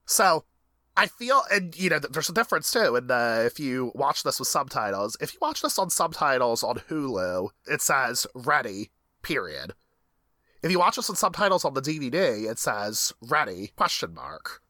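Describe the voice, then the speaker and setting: A young woman co-hosting a casual rewatch podcast, talking in an animated, rambling way with lots of fillers. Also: extremely low pitch, normal speed, no room sound. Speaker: podcast co-host.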